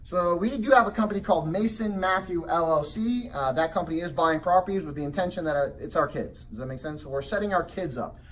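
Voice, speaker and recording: A middle-aged man presenting a seminar, storytelling and checking in with the room with questions. His voice sits a bit high for a man and comes through from a distance, with a faint hiss of background noise. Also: fast, hardly any pauses, a bit bright. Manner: storytelling, asks the audience questions; acts out child's voice in high pitch. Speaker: real estate educator. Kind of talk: motivational seminar talk.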